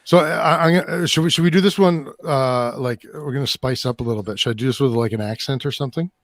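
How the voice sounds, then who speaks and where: A man's voice: mid-range voice, fast, no room sound, studio quality. A man co-hosting a podcast, chatting casually and a little sheepishly, with frequent restarts. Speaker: podcast co-host.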